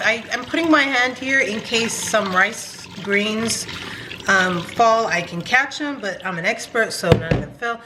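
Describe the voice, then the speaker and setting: A woman's voice: on the high side, moderate pace, background noise. Chatty woman cooking at home. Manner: chatty, joking, talks to viewers while cooking. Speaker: home cook vlogger. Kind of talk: casual cooking vlog. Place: home kitchen.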